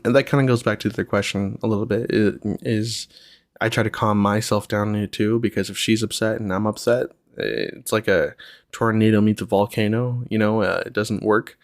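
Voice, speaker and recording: A man's voice: on the low side, no echo, studio quality. A young man hosting a podcast, talking in a reflective, rambling way with lots of fillers. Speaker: podcast host. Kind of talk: casual solo podcast chat.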